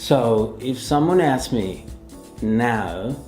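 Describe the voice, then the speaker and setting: A man's voice: fairly high pitch, lively intonation, darkish tone, echoey room, soft background music. A man explaining an English phrase carefully, giving example questions and answers. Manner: slow, careful delivery. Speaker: English teacher.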